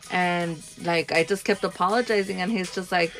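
A young woman co-hosting a podcast, telling a story in casual chat with animated, frank, profane talk. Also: fairly low pitch, normal speed, few pauses, soft background music. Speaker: podcast co-host.

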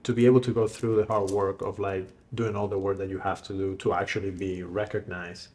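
A man with a fairly low voice asks questions in an easy, conversational tone. He sometimes drifts into his own memories before coming back to the guest. His delivery stays relaxed and unhurried. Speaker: interviewer, filmmaker. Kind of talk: casual interview questions.

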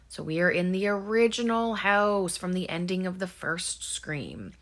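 A woman's voice: fairly low pitch, lively intonation, unhurried, hardly any pauses, a bit bright. A woman giving a casual, chatty spoken recap of a film, full of "um" and "like", who briefly acts out the characters' lines.

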